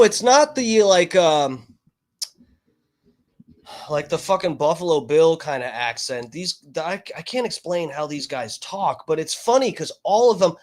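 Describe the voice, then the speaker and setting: A man streaming casual commentary over videos, rambling and profane, with many fillers. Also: fairly high pitch.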